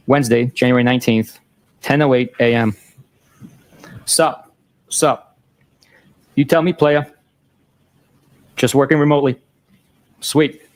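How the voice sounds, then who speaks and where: A man reads a string of text messages aloud in a courtroom, keeping his delivery flat and matter-of-fact even through the teasing lines. His pitch sits in an ordinary middle register, and he reads each date and time plainly before the messages that follow. The voice comes through a courtroom microphone. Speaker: courtroom participant reading texts aloud.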